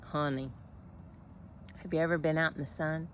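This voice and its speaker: A woman's voice: deep voice, fairly even intonation, moderate pace, long pauses, slight background noise. A woman coaching in a casual motivational monologue, blunt and folksy, calling the listener honey.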